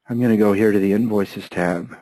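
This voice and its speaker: A hoarse man with a lowish voice guides learners through an accounting program, one methodical step at a time. He keeps clearing his throat as he goes. The sound is dry and close, with no room around it. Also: no echo, rough recording. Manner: steady, methodical step-by-step explaining. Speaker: software trainer. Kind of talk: screen-share software tutorial.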